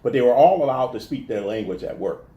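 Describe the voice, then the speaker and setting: A man from the telling stories in a casual interview, animated and restarting his sentences often. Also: medium pitch, fast, reverberant, dull audio. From American South. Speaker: guest talking about his life.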